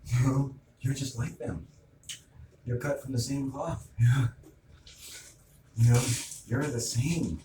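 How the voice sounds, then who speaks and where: A man's voice: medium pitch, steady tone, slow pace, pauses often. Man, middle-aged, agitated monologue, echoey room, noisy ambience. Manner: agitated, retells arguments with quoted back-and-forth. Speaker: vlogger. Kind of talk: ranting monologue. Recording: roomy, distant mic, noisy ambience.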